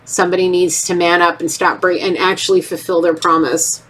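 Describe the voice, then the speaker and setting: A woman talks through a tarot reading in a loose, rambling way. Her voice sits a little low, and she breaks into quick acted-out voices as she goes. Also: breathy edge. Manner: rambling, animated, acts out voices. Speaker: tarot reader. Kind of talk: casual tarot reading monologue.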